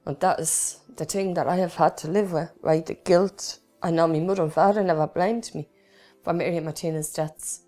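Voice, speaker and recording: A woman's voice: on the low side, fairly even intonation, normal speed, mellow, soft background music. A middle-aged woman with a Dublin Irish accent, giving earnest, plain-spoken personal testimony as an interviewee.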